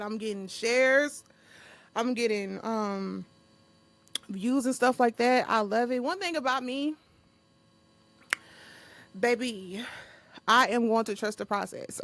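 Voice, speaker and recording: A young woman with a fairly high, gravelly voice talks off the cuff into a close podcast mic. She speaks bluntly, swears freely and laughs often. The sound is dry, with no room behind her. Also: fairly bright tone, dry recording. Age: young adult. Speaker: podcast host. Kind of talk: unscripted solo podcast monologue.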